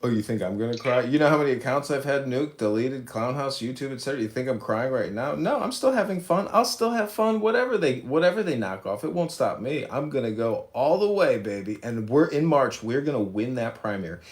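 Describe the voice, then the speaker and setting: A man's voice: mid-range voice, brisk, few pauses. A man hosting a social audio room, ranting brashly and mocking his critics from his office. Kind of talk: combative livestream rant. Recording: echoey room sound.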